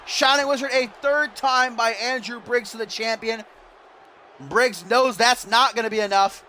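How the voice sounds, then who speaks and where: A man giving excited, shouty play-by-play commentary on a wrestling video game, swearing and getting out of breath. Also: very high voice, normal speed, slight background noise. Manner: shouty, swearing, animated, mock wrestling-announcer delivery.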